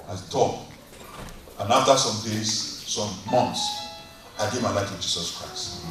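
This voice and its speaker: A man preaching a fervent sermon and leading prayer, with big swings in pitch and volume. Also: wildly swooping pitch, measured pace, a bit bright, soft background music. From Nigeria. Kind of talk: sermon and altar call prayer. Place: church hall. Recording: echoey church hall, distant mic.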